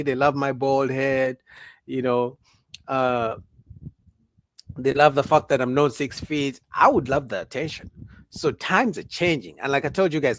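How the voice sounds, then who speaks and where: Animated man hosting a livestream. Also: fairly high pitch. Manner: animated, argumentative, rhetorical questions; reads out viewer chat comments. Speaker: livestream host. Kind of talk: casual livestream talk.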